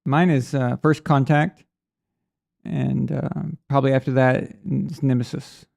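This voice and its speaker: A man's voice: mid-range voice, fairly even intonation, measured pace, gravelly, darkish tone. A man hosting a live sports stream in a casual, rambling way, reading out viewer messages. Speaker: sports show host.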